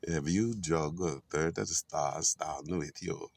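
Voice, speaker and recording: A man's voice: rumbling low, unhurried, gravelly, darkish tone, no echo. A man rambling about faith outdoors in a garden, preachy with playful asides. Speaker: spiritual vlogger. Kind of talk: rambling casual spiritual musing.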